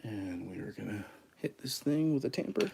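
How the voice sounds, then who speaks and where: A man hosting a casual coffee livestream, chatty and quick to laugh at his own mistakes. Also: mid-range voice, sing-song, vocal fry, a little mellow, a little hiss or hum. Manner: self-deprecating, chatty, laughs at himself. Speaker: coffee channel host. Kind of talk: casual livestream chat while making espresso.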